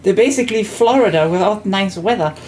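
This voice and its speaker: A woman's voice: mid-range voice, expressive, a little fast, a little mellow, a little hiss or hum, rough recording. A woman from eastern Germany with a German accent, chatting casually during a game stream with dry, teasing short remarks. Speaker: co-player. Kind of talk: casual chat while gaming.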